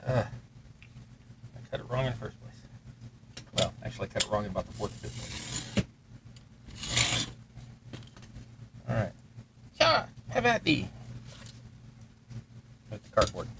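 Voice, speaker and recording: Working at his bench with background noise around him, a male host of a terrain-crafting livestream speaks at a medium pitch. He narrates every step casually, thinking out loud.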